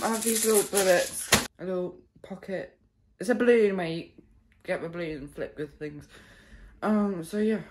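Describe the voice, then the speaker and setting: Hoarse woman vlogging, slow and rambling. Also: on the low side, very noisy. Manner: rambling, silly, filler-heavy. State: hoarse, losing her voice. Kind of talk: casual vlog.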